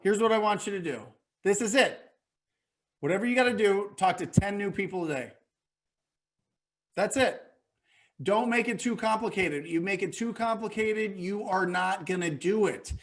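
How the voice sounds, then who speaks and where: A man coaching real estate investors in a webinar Q&A, energetic and motivational, often repeating phrases for emphasis. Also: sits high, normal speed, pauses often. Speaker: real estate wholesaling mentor, webinar guest.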